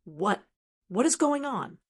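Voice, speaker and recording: A woman voicing a young male cultivator who stammers and pleads in a raised pitch. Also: very animated, slow, husky, full character voice. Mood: pleading.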